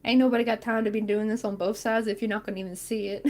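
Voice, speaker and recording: A woman's voice: medium pitch, steady tone, quick pace, darkish tone. A woman chatting casually and rambling with many fillers while she crochets on a stream.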